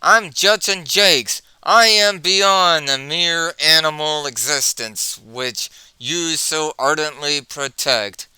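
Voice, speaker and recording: Guy reading a snooty mole villain, talks all flowery and superior, clear dry voice. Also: on the high side, slow, few pauses, sharp tone, dry recording, heavily acted. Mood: pompous. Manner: flowery, condescending. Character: pompous scheming male mole villain.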